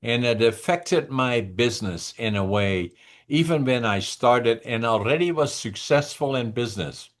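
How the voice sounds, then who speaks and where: Older Dutch-accented man, deliberate. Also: mid-range voice, animated. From northeastern Netherlands. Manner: deliberate, halting, with restarts and slowdowns. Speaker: guest. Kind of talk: interview conversation.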